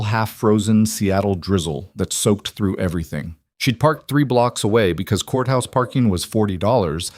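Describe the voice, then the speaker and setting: Low-voiced male story narrator. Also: darkish tone, dry recording, clean studio sound.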